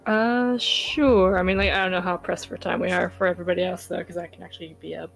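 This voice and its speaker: A woman's voice: lowish voice, fairly even intonation, fast talker, vocal fry, soft background music, rough recording. A woman playing in a tabletop game, talking casually. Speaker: player.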